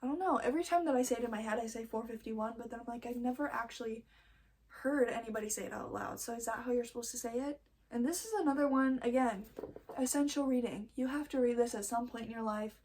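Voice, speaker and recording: A woman's voice: on the high side, quick pace, a little mellow. A young woman chatting casually and a bit nervously as she shows her books, rambling and often losing her train of thought. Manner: rambling, chatty, self-interrupting; nervous first-time vlogger. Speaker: book vlogger. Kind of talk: casual book haul chat.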